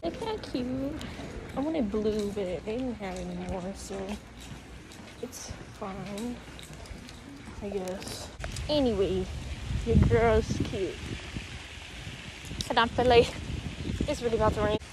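A teenage girl vlogging casually outdoors on a college campus, talking to her viewers in a loud, chatty way. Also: mid-range voice, slow pace, long pauses, noisy background. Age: teens. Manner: chatty, talks to viewers as y'all. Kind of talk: casual vlog chat.

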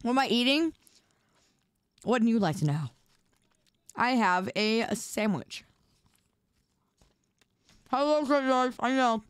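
A woman's voice: a little high, lively intonation, takes it slowly, long pauses, clear, resonant tone, no room sound. A young woman streaming live, chatting playfully and teasing her viewers while she eats. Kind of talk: casual live-stream chat.

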